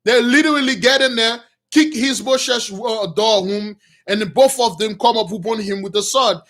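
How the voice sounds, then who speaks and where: A man preaching, retelling a Bible story in loose slangy talk and acting out the characters with shouts and laughs. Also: very high-pitched, moderate pace.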